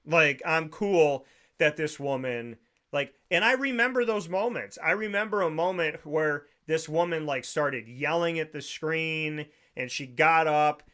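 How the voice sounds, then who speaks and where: A man's voice: a little high, sharp tone. A man hosting a sports talk show, ranting emphatically and preaching, often repeating phrases for effect. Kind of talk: opinionated podcast rant.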